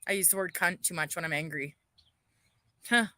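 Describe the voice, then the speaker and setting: Woman ranting on a phone livestream, angry and bitter, swears constantly, sharp voice, dead dry sound. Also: lowish voice, normal speed, dry recording.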